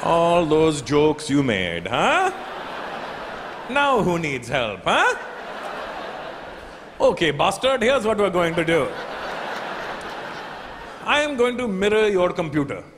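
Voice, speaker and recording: A man's voice: a little high, wildly swooping pitch, takes it slowly, pauses often, pitched above the performer's own voice, exaggerated voice. A man doing a smug call-centre agent with an Indian accent. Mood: smug gloating. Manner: polite, insistent, then smug and mocking. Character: fussy, gloating male call-centre agent. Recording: echoey hall with audience noise.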